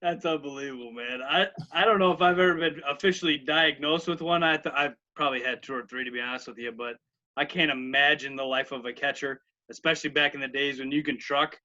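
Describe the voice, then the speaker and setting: A man co-hosting a baseball podcast, chatting with enthusiasm and asking quick questions. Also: a little high, pushed and bright. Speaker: podcast co-host. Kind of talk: casual chat. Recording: dull, lo-fi podcast audio.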